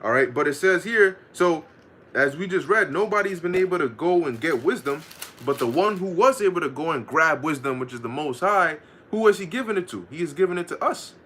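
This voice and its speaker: A man giving a casual scripture lesson, reading verses slowly and commenting in loose, profane talk with frequent laughter. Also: a little high, animated, fairly bright tone, a little hiss or hum. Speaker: Bible teacher.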